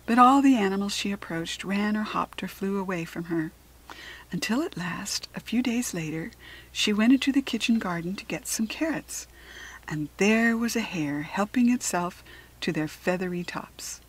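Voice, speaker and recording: A woman reading a children's storybook aloud in a soft, often whispered narration. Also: mid-range voice, expressive, moderate pace, breathy edge, poor audio. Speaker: children's book reader.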